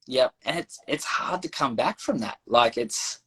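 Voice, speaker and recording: An Australian man chats loosely as a podcast guest and spins an anecdote. He mimics the people he quotes, and his voice has a slightly breathy, husky grain. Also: medium pitch, a little slow, poor audio. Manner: animated anecdote-telling, acts out quoted voices. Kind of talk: casual storytelling chat.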